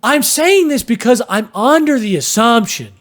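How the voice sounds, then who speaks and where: Young man, podcast host, high-pitched, animated, acts out voices and sound effects. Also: normal speed. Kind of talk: casual storytelling.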